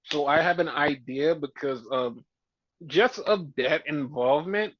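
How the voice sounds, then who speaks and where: A man's voice: on the high side, a little slow, dry recording, highs cut off. A man co-hosting a podcast, ranting heatedly and profanely, often mimicking fans. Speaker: podcast co-host. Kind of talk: casual opinion rant.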